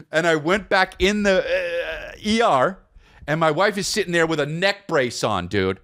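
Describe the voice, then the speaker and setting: Animated man telling a comedic story. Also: a little high, normal speed, dry recording, clean studio sound. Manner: animated, profane, self-mocking. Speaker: podcast co-host.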